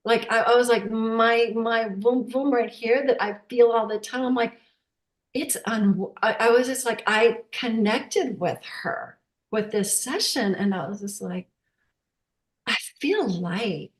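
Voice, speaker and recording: A woman sharing a heartfelt personal story on a video call, talking in a halting, emotional way with many restarts. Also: a little high. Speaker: workshop participant sharing a story. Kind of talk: casual testimonial. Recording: roomy echo.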